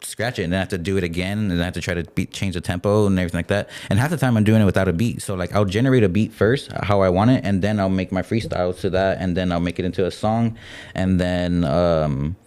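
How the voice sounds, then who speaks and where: Fast-talking deep-voiced young man. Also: a little mellow, clear, resonant tone. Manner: loose, rambling, heavy use of "like". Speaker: guest, rapper. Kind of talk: casual podcast chat. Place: podcast studio.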